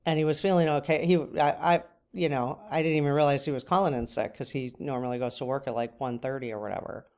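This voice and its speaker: Middle-aged woman, low voice, casual tearful vlog chat. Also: fairly even intonation, quick pace, few pauses, darkish tone. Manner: tearful, breaks off to cry. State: crying at times. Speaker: channel host.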